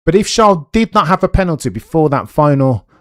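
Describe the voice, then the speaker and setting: A young man streaming live race commentary, chatty and animated, with excited bursts and muttered asides. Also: on the high side, fairly quick, dry recording, clean studio sound.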